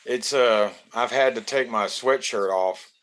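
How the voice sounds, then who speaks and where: A man's voice: mid-range voice, a little slow, a bit bright. A man, from Florida, hosting a casual live stream, greeting viewers by name in a loose, joking way.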